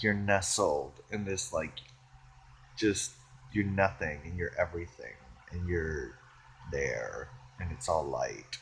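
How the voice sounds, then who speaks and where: A man rambling in a solo vlog, playful and giggly, swinging between excited bursts and hushed musing. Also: deep voice, slight background noise. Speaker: vlogger.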